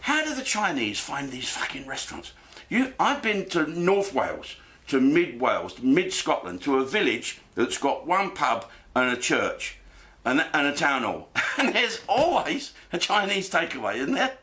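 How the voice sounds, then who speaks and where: A man doing a crude, swearing comedy monologue, telling stories with lively delivery. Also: a little high, normal speed.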